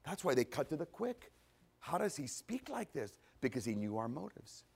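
A man preaching a conversational sermon, animated, asking rhetorical questions and answering them himself. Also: on the high side, normal speed, creaky, husky. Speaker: pastor.

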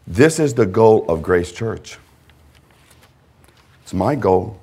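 A male pastor preaching a sermon, emphatic, with repeated phrases and swings between loud and hushed delivery. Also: lowish voice, animated, slow, husky.

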